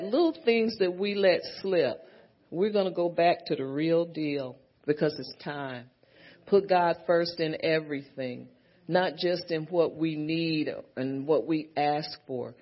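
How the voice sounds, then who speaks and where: A woman preacher delivering a sermon, punctuating her points with frequent amens and hallelujahs and repeating phrases as she builds them. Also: lowish voice. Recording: dull lo-fi sermon recording.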